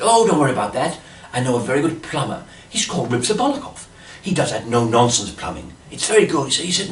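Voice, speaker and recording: A man's voice: mid-range voice, very animated, fast, hardly any pauses, reverberant, far from the mic, slight background noise. A man telling a rambling comic monologue in a dotty, fussy manner, full of "you see" asides. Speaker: comic storyteller.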